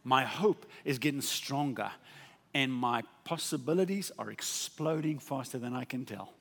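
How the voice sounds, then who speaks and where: A man preaching a sermon with passion, swinging from soft, quiet asides to loud, ringing declarations. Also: mid-range voice, moderate pace, creaky. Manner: impassioned, rising to exclamations then dropping to soft asides. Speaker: pastor. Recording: long reverb of a large hall.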